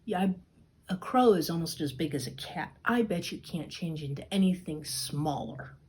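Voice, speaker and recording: A clever storybook cat who talks his way into anything, voiced by a woman. He speaks slyly and often drops to a hush, with a slightly husky, low-set tone. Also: animated, moderate pace. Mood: scheming. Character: clever talking male cat, smooth-tongued schemer.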